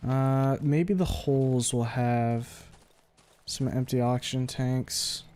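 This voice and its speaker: A man's voice: mid-range voice, fairly even intonation, slow pace, darkish tone. A man streaming a video game, thinking aloud in a casual way with the odd swear. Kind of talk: live gameplay commentary.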